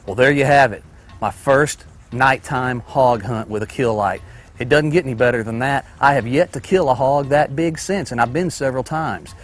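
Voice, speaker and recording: A man's voice: medium pitch, normal speed. Enthusiastic man recapping a hunt. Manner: enthusiastic, folksy storytelling. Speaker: bowhunter. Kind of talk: recap interview.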